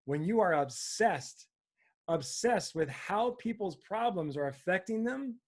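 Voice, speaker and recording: A man giving an energetic motivational talk as a coach, getting fired up and often checking in with "right?". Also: a little high.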